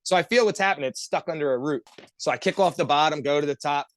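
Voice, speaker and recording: Speaking fast in a highish voice, a man on a podcast winds through a lengthy story with his friends. This co-host is a profane, energetic storyteller who rambles and curses nonstop.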